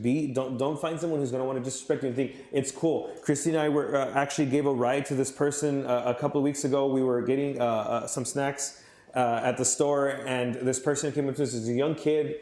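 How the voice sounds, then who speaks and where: A man's voice: medium pitch, fairly even intonation, a little fast, a little mellow. A young man giving an earnest youth sermon in a conversational way, with fillers and repeated phrases. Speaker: youth pastor. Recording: roomy hall echo.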